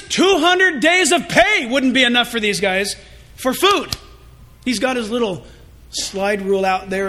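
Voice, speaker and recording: A male pastor preaching a sermon in an animated, joking and confessional way. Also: high-pitched.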